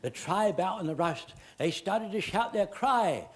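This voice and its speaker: A man telling a comic story on stage, shouting officers' orders and getting the audience to shout call-backs. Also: high-pitched, lively intonation, measured pace. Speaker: music hall comedian. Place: theatre stage before a live audience. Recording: music hall stage with audience.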